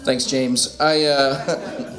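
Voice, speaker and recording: A man doing a stand-up comedy set, halting and self-deprecating, often restarting and laughing at his own jokes. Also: medium pitch, flat delivery, fairly bright tone, soft background music. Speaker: stand-up comic. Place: small comedy venue indoors. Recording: roomy small-room sound.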